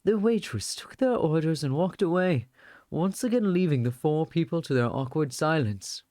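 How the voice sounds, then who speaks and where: Guy streamer reading a visual novel out loud, kinda high voice, dry close sound. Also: animated, moderate pace, dry recording. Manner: storytelling narration mixed with casual asides.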